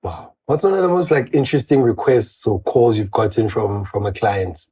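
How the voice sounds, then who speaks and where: A man's voice: lowish voice, normal speed, dark tone, husky. A man from South Africa hosting an interview, asking casual questions with many fillers and restarts. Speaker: interview host.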